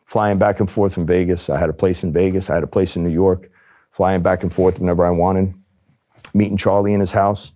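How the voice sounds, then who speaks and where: Middle-aged man, deep mellow voice, animated interview storyteller who acts out quotes. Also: brisk. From New Jersey. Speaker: former undercover agent.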